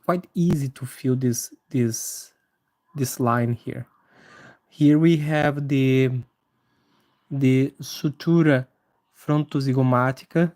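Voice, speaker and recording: Guy drawing anatomy live, warm mellow voice, lots of restarts. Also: mid-range voice. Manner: halting, many fillers and restarts, friendly to viewers. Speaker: anatomy drawing livestream host. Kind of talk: live drawing tutorial with chat greetings.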